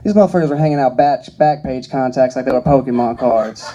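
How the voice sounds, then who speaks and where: A man's voice: mid-range voice, fast talker, mellow, highs cut off. A man performing stand-up comedy, telling crude, rambling stories. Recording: live comedy club crowd.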